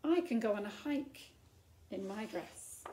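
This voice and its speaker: A woman's voice: mid-range voice, expressive, unhurried, warm tone, lightly acted. A woman voicing a spirited, defiant young princess in a children's story, boasting boldly. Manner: bold, determined boasting.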